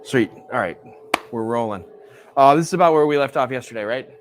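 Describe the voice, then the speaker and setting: A man's voice: mid-range voice, a little fast, music in the background. A male professor giving a classroom lecture in a conversational way, often checking in with "right?". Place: lecture hall.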